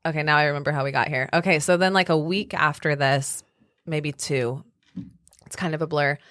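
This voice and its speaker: A woman in her thirties talks as a podcast guest, chatty and animated, with plenty of casual fillers. Her voice sits lower than most women's. The sound is dry and close, with no room around it. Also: a little fast, no room sound. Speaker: podcast guest, salon owner. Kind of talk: casual storytelling chat.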